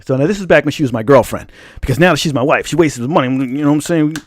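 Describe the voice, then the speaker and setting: A man's voice: a little high, very fast, no room sound, studio quality. A young man hosting a casual storytime vlog, rambling and slangy as he tells his story. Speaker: storytelling channel host.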